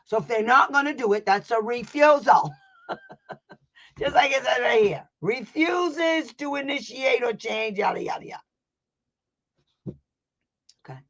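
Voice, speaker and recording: A blunt, brash advocate works with parents in a loose online session, cursing freely, laughing often and performing both roles in a school meeting while repeating her points emphatically. Her medium-pitched voice is animated and a bit bright, unhurried, with frequent pauses, over a slightly dull lo-fi recording.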